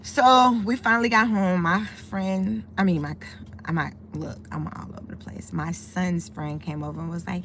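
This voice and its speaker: A woman's voice: lowish voice, fairly even intonation, moderate pace, fairly bright tone, a little hiss or hum. A middle-aged woman from the United States, chatting casually on a live stream from her parked car, greeting viewers and easily sidetracked. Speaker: live streamer reading chat.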